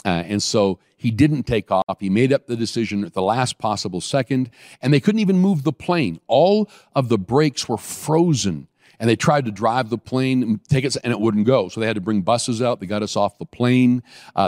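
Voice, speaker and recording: A man preaching a sermon, telling a story with animated bursts and slowing right down on key phrases. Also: no room sound, clean studio sound. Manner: animated storytelling, acts out scenes with sudden high bursts.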